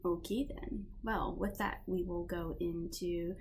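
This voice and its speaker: A woman running a tabletop game as game master, relaxed and chatty. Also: lowish voice, slow, slight background noise.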